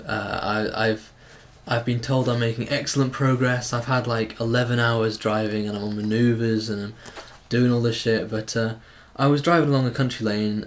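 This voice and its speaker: British young man swearing casually. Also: mid-range voice. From Britain. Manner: swears freely, rambling anecdotes with playful voices. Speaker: podcast co-host. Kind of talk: casual chat.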